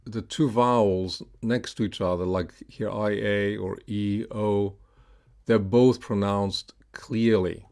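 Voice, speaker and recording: Low-ish guy teaching pronunciation, super slow and careful, repeats each word. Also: fairly even intonation, darkish tone. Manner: slow and deliberate, with repeated words and fillers. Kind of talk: slide-based pronunciation lesson.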